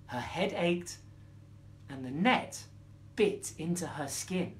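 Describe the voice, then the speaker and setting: Man, bedtime story reading, expressive, slow, lively pitch. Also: slight background noise. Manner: expressive, playful.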